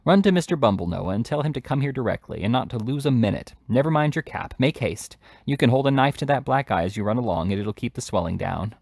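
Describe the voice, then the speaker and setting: A man's voice: mid-range voice, animated, fast, creaky, few pauses, darkish tone, no echo, studio quality. A man doing a flustered, fretful housewife. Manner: fretful, fussing. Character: flustered, fearful middle-aged housewife.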